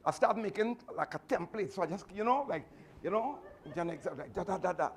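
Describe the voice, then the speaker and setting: A man's voice: sits high, brisk. Trinidadian male instructor, raised voice, chatty storyteller, faint background noise. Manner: animated, chatty, laughing asides. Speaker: martial arts instructor. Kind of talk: storytelling speech to a class.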